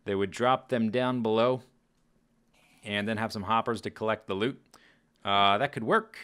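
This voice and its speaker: A man's voice: fairly low pitch, moderate pace, smooth. A man giving chatty, casual commentary over his own gameplay, often exclaiming and chuckling as he plays. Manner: chatty, animated, exclaims and laughs at the game. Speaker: Let's Play host.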